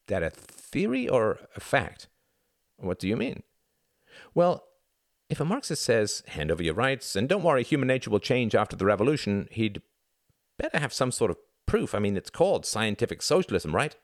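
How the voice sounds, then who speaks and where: A man's voice: lowish voice, very animated, normal speed, no room sound, studio quality. A man doing a skeptical young student. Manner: questioning, insistent. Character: skeptical young male student, probing questions.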